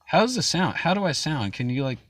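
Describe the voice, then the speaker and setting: His voice runs a little high and a bit fast, with a fairly bright tone and big pitch swings. A young stream host, he rambles through a casual chat, cursing often and laughing throughout.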